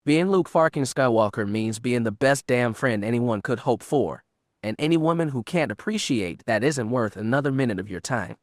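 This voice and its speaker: A man doing a drunk, gruff middle-aged smuggler in an audiobook, his slurred drawl loud and vehement. The voice sits in an ordinary middle register and the recording is dry and close, with no room around it. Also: mid-range voice, lively intonation, moderate pace, dry recording, close to an everyday voice. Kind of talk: audiobook character reading.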